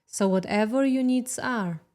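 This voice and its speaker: A woman delivers a motivational self-help talk in a slightly high voice. She speaks slowly and deliberately, stressing her key points and slipping in sarcastic asides. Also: a little mellow. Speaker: self-help podcast host.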